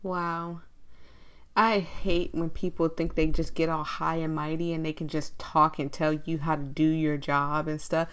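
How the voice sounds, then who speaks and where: A young woman streaming a game playthrough, chatting and reacting in an animated, gushing way. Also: low voice, measured pace, clean tone. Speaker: streamer playing an indie game. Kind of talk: let's play commentary.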